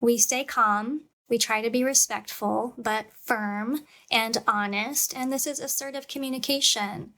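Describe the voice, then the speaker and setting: A woman gives a parenting lecture in a calm, measured way, with a voice that sits a little high. She is a parent herself and now and then voices the words a parent might say to a child. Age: adult parent. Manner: calm, measured, demonstrates parent scripts aloud.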